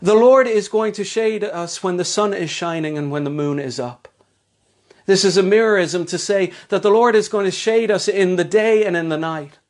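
A fairly high-pitched Irish man delivers a Sunday sermon. He leans on key lines by drawing them out slowly and checks in with his listeners through quick rhetorical questions. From Ireland. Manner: slows down to stress scripture, asks rhetorical questions. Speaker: pastor.

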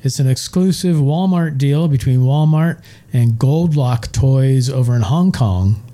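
Man, co-host, very mellow dark voice, rambling, enthusiastic, casual chat. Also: mid-range voice, unhurried. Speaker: co-host, show's chief engineer.

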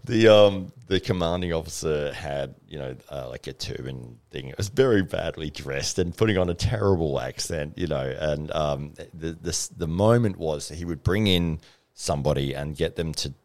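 A man's voice: extremely low pitch, normal speed, darkish tone. A man hosting a podcast, chatting casually and telling a story with lots of fillers and laughs. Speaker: podcast host.

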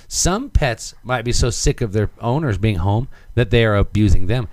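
Middle-aged guy cohosting, riffing on news bits, bouncy pitch, dry close mic. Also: lively intonation, normal speed, darkish tone, no echo. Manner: joking, reads news items then riffs. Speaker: co-host. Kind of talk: casual banter show.

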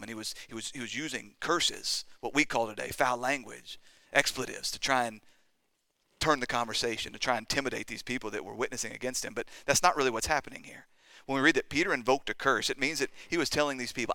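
A man preaches, his voice bright, forceful and smooth. He talks in an earnest way, acting out quotes and building to emphatic peaks. The sound is close and dry, with no room around it. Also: medium pitch, fairly quick, no room sound. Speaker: pastor. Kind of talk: sermon.

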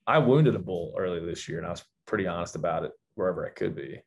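A man's voice: deep voice, lively intonation, fast, a little hiss or hum. A man talking as a podcast guest, candid and reflective, often restarting his sentences. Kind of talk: casual podcast chat.

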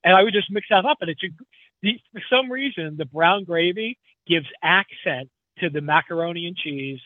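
A man's voice: high voice, normal speed, dry recording. A man, a guest truck driver, chatting casually in a rambling, easygoing way and laughing easily. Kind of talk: casual podcast chat. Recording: tinny phone line.

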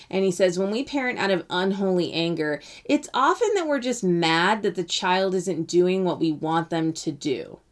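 Woman host in her thirties, low-pitched, relaxed conversational delivery with ums and restarts. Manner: conversational, many fillers and restarts, quotes the author. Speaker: podcast host. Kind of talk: casual talk about a parenting book.

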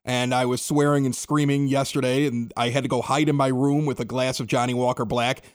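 A man hosting a podcast, telling stories in an excitable, animated way and acting out both sides of conversations. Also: mid-range voice, fairly quick. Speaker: podcast host. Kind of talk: casual storytelling chat.

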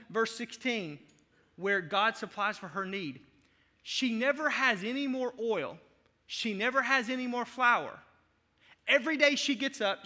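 A man's voice: high-pitched, pushed and bright, long reverb tail. A male pastor preaching a sermon in an emphatic, conversational way, with playful asides.

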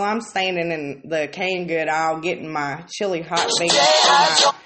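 A woman vlogger telling stories in a blunt, exasperated, heavily profane rant. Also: on the low side. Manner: heavy swearing, blunt and exasperated. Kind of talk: casual storytelling rant. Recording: roomy echoey room.

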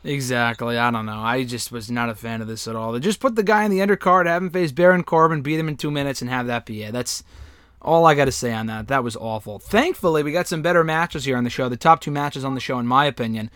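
A man's voice: medium pitch, fast, a bit bright, clean tone, no room sound, clean studio sound. A man hosting a casual wrestling review chat, giving his opinions and swearing casually. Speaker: podcast host.

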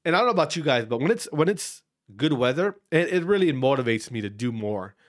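A man's voice: mid-range voice, lively intonation, fast talker. A man in his thirties from Wisconsin, hosting a podcast and ranting casually with profanity, his voice congested from allergies. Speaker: podcast host. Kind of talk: casual solo rant.

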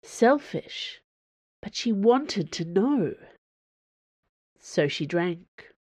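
A woman narrating her own fiction aloud as a podcast host, in a measured, expressive reading. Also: mid-range voice, dry recording. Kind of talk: storybook narration.

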